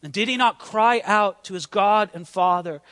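A man's voice: sits high, moderate pace, a bit bright. A man preaching a sermon with passion, sometimes acting out the prayers of the people in his story. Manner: impassioned preaching, acts out biblical prayers. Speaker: pastor. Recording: long hall reverb.

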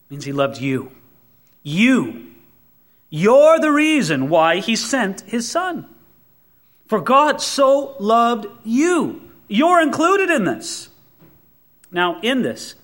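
Emphatic high-voiced male preacher. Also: very animated, measured pace. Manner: emphatic, swinging between loud stresses and soft asides; acts out quoted voices. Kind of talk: sermon.

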